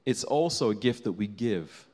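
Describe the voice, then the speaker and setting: A man's voice: fairly low pitch, expressive, moderate pace, darkish tone. A man preaching a sermon, telling a story in an earnest, building way.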